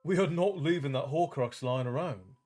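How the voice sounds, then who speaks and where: A man's voice: on the high side, expressive, brisk, a little mellow, soft background music. A man reading aloud, voicing a troubled teenage wizard boy who answers defensively and firmly. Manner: defensive, firm.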